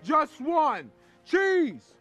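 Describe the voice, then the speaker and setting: A man's voice: high voice, normal speed, breathy edge, dull audio, faint music behind, heavily acted. An actor playing a brash, crude streetwise man who coaches his friend on women in a comedy film. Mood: showing off. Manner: boastful, crude, loud and animated. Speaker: film character.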